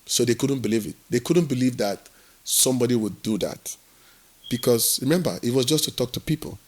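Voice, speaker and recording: Guy telling his story in an interview, lively, acts out the quotes. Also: mid-range voice, a little fast. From Nigeria. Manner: animated storyteller who acts out quoted dialogue. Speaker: guest.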